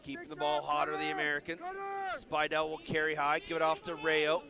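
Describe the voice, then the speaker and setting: A man calling a lacrosse game live, rattling off names quickly and shouting on goals and saves. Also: a little high, completely flat delivery, vocal fry. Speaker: play-by-play commentator. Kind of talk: live sports commentary. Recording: loud stadium crowd behind.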